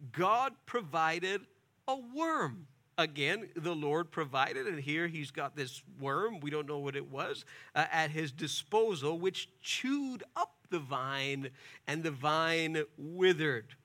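A man preaching an expository sermon, retelling scripture in a lively, conversational way with casual asides. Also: on the high side, slow pace.

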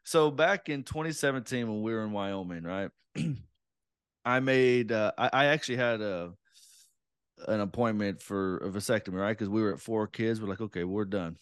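A man's voice: fairly low pitch, moderate pace, smooth, dry recording. Chatty man telling a story, dry sound. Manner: chatty storyteller, self-deprecating. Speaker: podcast guest. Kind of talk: casual conversation.

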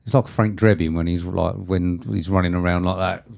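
A man's voice: deep voice, steady tone, moderate pace, creaky, a little mellow, dry recording, studio quality. A man, co-hosting a casual film chat in a jokey, sweary way. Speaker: podcast co-host.

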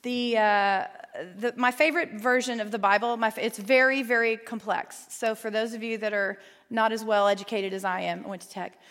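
Woman bible teacher, bit high voice, earnest and jokey, long echo in a big room. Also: steady tone, normal speed, a bit bright. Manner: earnest, playful, with asides to the room. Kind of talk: Bible lesson with storybook reading. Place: large room with a group. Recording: long hall reverb.

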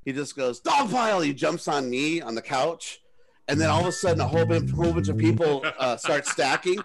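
A man's voice: fairly high pitch, a little fast, gravelly, faint music behind. A middle-aged man, a podcast co-host, telling a rambling story in casual chat. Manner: rambling, self-interrupting storyteller.

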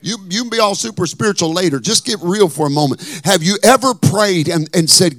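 A man's voice: a little high, lively intonation, quick pace, few pauses, no room sound. A man preaching a sermon as pastor, impassioned, with a chanted, singsong cadence.

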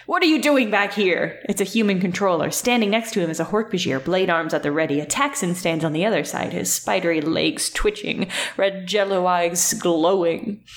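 A woman's voice: lowish voice, normal speed. Woman reading, sardonic and playful. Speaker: podcast co-host reading aloud. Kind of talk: comedic reading with asides.

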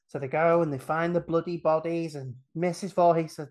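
A man on a casual podcast, retelling a film's plot with lively energy, acting out the characters' lines and laughing often. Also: a little high, fairly quick, few pauses. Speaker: podcast guest retelling a film.

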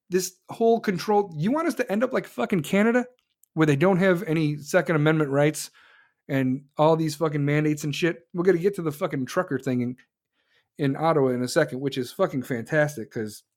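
A man in an angry, profane political rant, often mocking others in a high voice.

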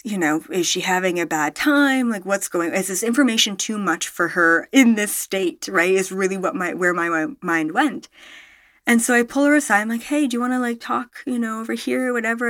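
In a dry, studio-quality recording, a spiritual storyteller vlogger talks to camera at normal speed with a medium-pitched voice, recounting a personal story for her viewers. Her delivery rambles and stresses points emphatically, with lots of fillers and self-corrections, occasional swearing, and bursts of animation when she gets excited.

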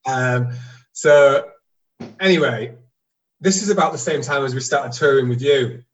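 Candid man telling his story, halting. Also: mid-range voice, distant mic, faint music behind, poor audio. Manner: halting, candid, self-deprecating. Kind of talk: casual reflective storytelling.

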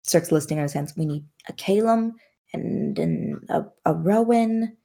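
A woman's voice: on the low side, a little slow, gravelly, mellow. A woman player in a tabletop role-play game, chatty and rambling, describing her character's actions.

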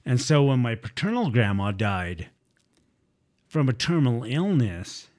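A man's voice: medium pitch, big pitch swings, a little slow, darkish tone. A man talking casually and candidly, telling a personal story with some swearing. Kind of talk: casual podcast chat.

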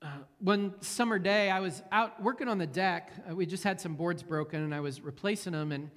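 Pastor preaching in a reverberant church. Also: male voice, high voice, fairly quick, a bit bright. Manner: conversational, repeats words, many fillers and restarts. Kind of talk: sermon with prayer. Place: church sanctuary. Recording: long hall reverb.

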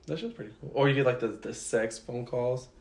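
A man's voice: mid-range voice, fairly quick, gravelly. Slangy young man joking around. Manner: joking, slangy, mumbling asides. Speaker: podcast co-host. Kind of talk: casual chat.

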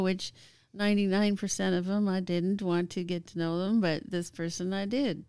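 Woman guest, smooth clear voice, chatty storyteller who pauses with fillers, dry close sound. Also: medium pitch, steady tone, darkish tone, dry recording. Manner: chatty, laughing often, halting with fillers. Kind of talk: casual storytelling.

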